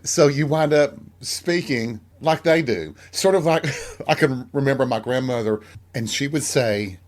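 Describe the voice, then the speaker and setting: A man from Tennessee talks on his own in a loose, candid monologue, with a voice at an ordinary middle pitch. He is frank and pokes fun at himself as he rambles from one story to the next. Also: unhurried. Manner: frank and self-deprecating, rambling. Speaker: podcast host.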